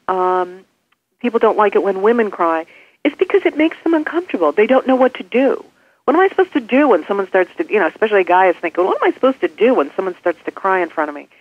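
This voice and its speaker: A woman's voice: mid-range voice, no room sound. Woman coach on a tinny phone line. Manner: animated, acts out example phrases. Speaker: executive coach and author, interview guest. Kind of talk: phone interview answers.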